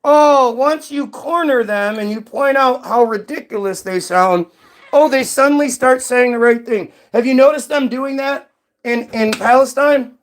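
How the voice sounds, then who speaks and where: A man's voice: very high voice, a little slow. A man hosting his own channel in a heated, profane commentary rant, firing off rhetorical questions. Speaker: commentary host. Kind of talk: ranting commentary.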